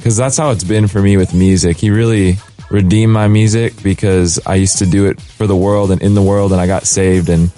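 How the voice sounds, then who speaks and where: A man, a hip hop artist and producer, telling stories as a radio guest in a relaxed, eager way. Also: low-pitched, brisk, few pauses, soft background music. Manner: relaxed, eager storytelling with lots of "like". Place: radio studio.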